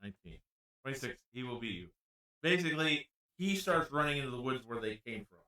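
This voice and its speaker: A man's voice: mid-range voice, expressive, bright, forceful tone, reverberant. A man running a tabletop game as game master, calling rolls and narrating the action, often breaking into laughter. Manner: laughs often, quick rulings.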